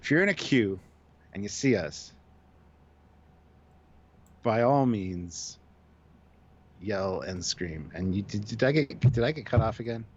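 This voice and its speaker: A man's voice: on the low side, animated, measured pace, pauses often, breathy edge, dull audio. A man co-hosting a live stream, chatting casually, reading viewer comments aloud and laughing often. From Canada.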